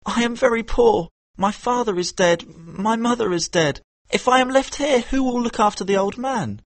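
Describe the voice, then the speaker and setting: A man's voice: very high-pitched, no room sound, voice pushed up. A man voicing a poor, clever street boy who pleads and schemes, in a storybook reading. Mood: pleading. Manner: pleading, quick-witted. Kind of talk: audiobook character voice.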